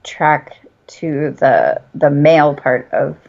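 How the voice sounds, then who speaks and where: A woman with a somewhat low voice who talks conversationally and steers the discussion with prompting questions. She is a podcast co-host in casual chat. The sound is a little muffled and lo-fi. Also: takes it slowly, creaky. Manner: conversational, prompting questions and steady back-channeling.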